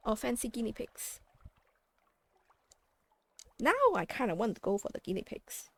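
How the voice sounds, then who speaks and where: A woman playing a story game, reading its text aloud and chatting about her choices in a playful way. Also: a little high. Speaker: let's play host.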